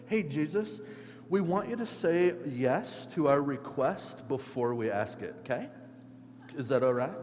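A man's voice: on the high side, animated, unhurried, darkish tone. A man voicing ambitious male disciples asking for power, in a pleading, wheedling way. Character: eager ambitious male disciples begging favors. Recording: echoey hall with faint hum.

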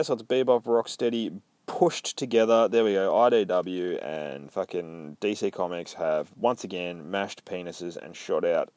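Profane, excitable man recapping a comic. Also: low voice, no echo. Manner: swears constantly, excitable, acts out lines. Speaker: comic book reviewer.

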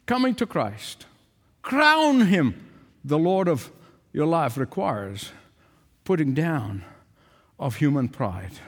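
A man's voice: on the high side, very animated, takes it slowly, long pauses. An older man preaching a sermon, emphatic, repeating phrases for stress. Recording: long hall reverb.

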